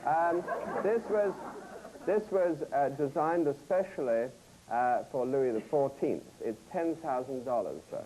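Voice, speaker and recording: A man's voice: medium pitch, a little slow, warm tone, a little hiss or hum, natural voice, poor audio. A man putting on a deferential male antique dealer with polished sales patter during a joke.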